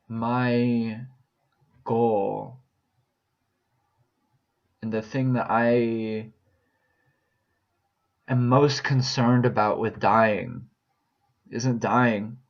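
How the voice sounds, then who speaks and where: Man, reflective monologue, slow and halting, earnest; muffled lo-fi sound. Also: medium pitch, flat delivery. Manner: earnest, halting, repeats phrases as he searches for words. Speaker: vlogger sharing a personal update. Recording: dull lo-fi recording.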